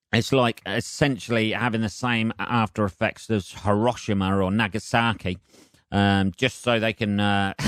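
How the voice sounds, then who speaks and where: A man's voice: lowish voice, a bit bright, no echo, studio quality. A man hosting a solo podcast, rambling and self-mocking with lots of swearing. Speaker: podcast host.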